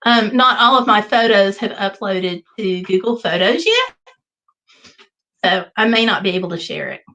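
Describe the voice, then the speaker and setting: A woman hosting a casual livestream, telling a travel story in an animated way and reading viewer comments aloud. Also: medium pitch, normal speed, poor audio. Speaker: livestream host. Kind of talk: casual live chat.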